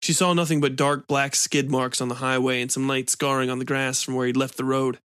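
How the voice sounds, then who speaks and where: A man narrating a dark short story in a steady, measured reading. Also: medium pitch, smooth, dry recording, clean studio sound. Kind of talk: audio fiction reading.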